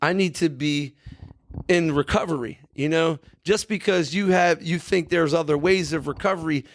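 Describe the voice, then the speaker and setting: A man's voice: on the high side, dry recording. A middle-aged man, a podcast guest, telling his recovery story candidly, emphatic and earnest, often tagging lines with "you know" and "right".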